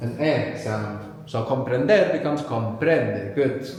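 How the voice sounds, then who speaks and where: A language teacher leads a live workshop in front of a large audience, patiently questioning learners and guiding them step by step. His medium-pitched voice is expressive and darkish, and he speaks slowly. The hall is very echoey.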